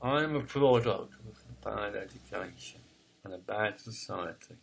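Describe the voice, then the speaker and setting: This fifties-aged poet recounts his own life with emotional rawness, restarting haltingly and swearing without softening it. His voice runs on the low side, creaky, with lively intonation, over slight background noise.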